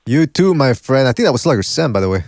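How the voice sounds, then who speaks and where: A man's voice: medium pitch, sing-song, quick pace, a little mellow, no echo, studio quality. A man from Canada hosting a casual call-in podcast, laid-back and often saying "man". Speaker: call-in show host.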